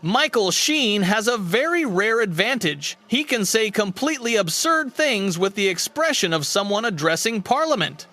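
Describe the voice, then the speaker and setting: A man reading a scripted narration in a smooth, even delivery. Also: high-pitched, normal speed, few pauses.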